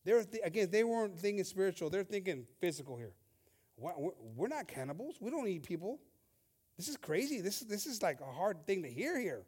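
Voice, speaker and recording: Animated high-voiced preacher man. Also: slightly rough. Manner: switches between English and Spanish, reads scripture slowly and emphatically; animated, voice rising with emphasis. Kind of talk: bilingual sermon.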